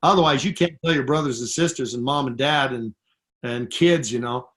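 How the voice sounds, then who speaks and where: A man's voice: mid-range voice, a little fast. A man on a conference call giving an emphatic, repetitive motivational pep talk to network marketing distributors. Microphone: phone call.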